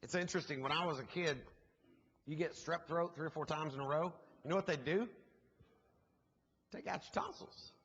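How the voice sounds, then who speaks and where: Speaking fast in a husky, somewhat high voice, a guest preacher tells a sermon story full of jokes and asides to the congregation. It's animated storytelling in a church sanctuary, recorded with a muffled, echoey hall sound.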